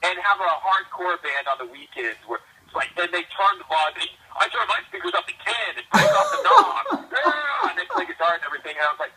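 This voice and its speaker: A man's voice: sits high, a little fast, vocal fry, few pauses, a little hiss or hum. A man telling stories over a phone call in a rambling way, restarting his sentences often and acting out the people in them. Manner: rambling, with many restarts and repeated words; animated, acts out quoted people, laughs while telling. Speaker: co-host of a phone chat show. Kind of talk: casual storytelling over the phone.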